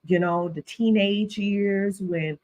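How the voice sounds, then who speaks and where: A woman's voice: medium pitch, steady tone, slow pace, darkish tone, highs cut off. A woman hosting a podcast interview who asks long, supportive, reflective questions. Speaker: podcast host. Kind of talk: interview conversation.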